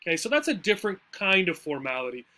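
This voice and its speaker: A man's voice: high-pitched, very animated, fast, sharp tone. A man teaching English, walking through a textbook dialogue in a chatty way and often checking in with "right?" and "okay?".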